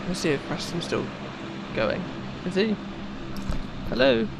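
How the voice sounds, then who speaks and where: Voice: mid-range voice, expressive, measured pace, vocal fry, very noisy. A live streamer chatting casually, laughing, swearing and teasing a friend. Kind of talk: casual gaming stream chat.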